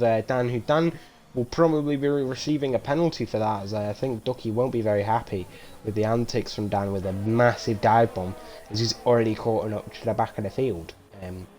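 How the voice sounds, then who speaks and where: A man giving live race commentary on a stream, with casual, rambling, self-mocking banter that turns loud and excited when incidents happen. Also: on the low side. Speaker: sim racing league commentator.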